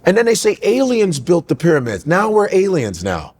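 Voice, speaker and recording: A man co-hosting a comedy podcast, talking casually and breaking into quick impressions of other people. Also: sits high, wildly swooping pitch, darkish tone, big-room sound. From United States.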